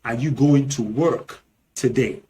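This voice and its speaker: A man with a Nigerian accent teaching a language lesson, saying each example slowly and repeating words clearly. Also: medium pitch, warm tone. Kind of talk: slow, deliberate language lesson.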